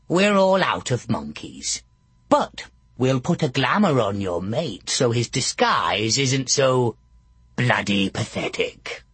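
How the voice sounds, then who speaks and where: A man's voice: medium pitch, big pitch swings, takes it slowly, fairly bright tone, breathy edge, dry recording, exaggerated voice. A man voicing a crafty, crude old witch woman with a strange, altered timbre, in a sly, bargaining manner. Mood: mocking.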